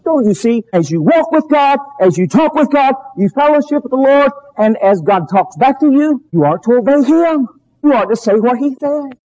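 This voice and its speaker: A male preacher with a high, lively voice that leaps up and drops low as he drives home each point. He delivers a fervent, emphatic sermon full of dramatic pauses. The recording sounds dull and lo-fi.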